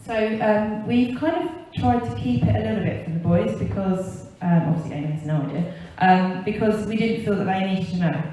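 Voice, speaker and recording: A woman, a pastor's wife, sharing a hesitant personal testimony in church with many pauses. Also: mid-range voice, background noise. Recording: echoey hall, distant dull sound.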